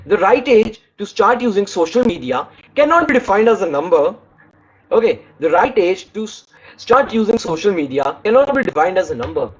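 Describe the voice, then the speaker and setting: A man's voice: sits high, very animated, normal speed, slightly rough, muffled recording. A man giving an online speaking lesson, demonstrating tones by reading lines aloud and stopping to correct himself. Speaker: English speaking teacher.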